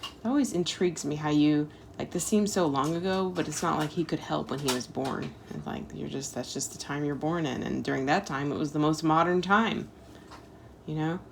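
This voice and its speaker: A woman's voice: low-pitched, normal speed, vocal fry, a little hiss or hum. A woman, reading a history book aloud at home and chatting about it with her child, with casual asides and lots of "like" and "um". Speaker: homeschool parent reading a history lesson.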